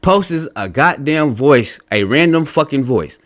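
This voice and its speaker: At a measured pace, a man whose voice is expressive and on the high side reads out online comments. A religious commentator, he lectures bluntly and combatively in an angry rant full of profanity.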